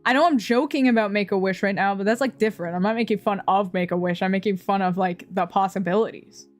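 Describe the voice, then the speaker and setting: A woman's voice: mid-range voice, quick pace, faint music behind. A young woman streamer chatting casually, rambling and swearing, often laughing at her own jokes.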